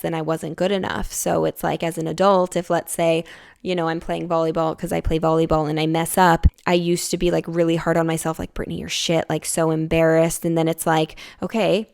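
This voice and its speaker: Gravelly low-voiced woman talking candidly. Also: darkish tone. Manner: confiding and reflective, many fillers like "like" and "you know". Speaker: podcast host. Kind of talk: candid personal self-help talk.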